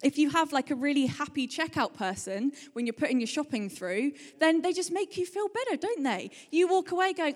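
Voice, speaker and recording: In a chatty, animated sermon, a woman with a fairly high voice tells everyday stories in fast bursts. A long reverb lingers behind her, like a church hall.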